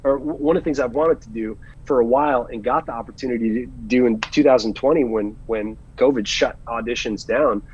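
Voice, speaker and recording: A man, an actor, chatting as an interview guest, telling animated stories and giving earnest advice. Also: medium pitch, brisk, hardly any pauses, muffled recording, a little hiss or hum. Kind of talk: casual interview chat.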